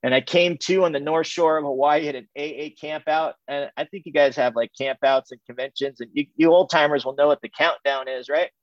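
A slightly high, fairly even male voice belongs to a middle-aged Californian recounting his recovery to a group. His telling is candid and repetitive, full of halting restarts, captured in a dry, dull, muffled recording.

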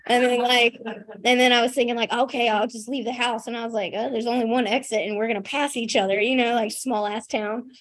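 A woman's voice: on the high side, fairly even intonation, a little fast. A young woman telling her recovery story at a meeting in a casual, self-deprecating way, full of "like" and "you know". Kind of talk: candid personal share at a recovery meeting.

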